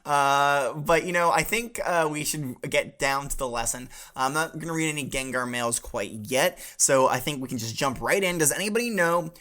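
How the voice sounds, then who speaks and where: Man playing a jokey class professor; bright, forward voice, teasing. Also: on the high side. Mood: playful. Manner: upbeat, teasing, quick to laugh. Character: cheerful male professor teaching a class. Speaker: host. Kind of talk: improvised comedy role-play.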